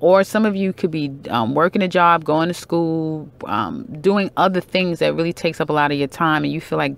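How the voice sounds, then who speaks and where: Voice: medium pitch, moderate pace, vocal fry, few pauses. Chatty tarot reader with frequent "okay?" check-ins. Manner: chatty and emphatic, many fillers, self-corrections and "okay?" check-ins. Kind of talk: casual monthly horoscope reading.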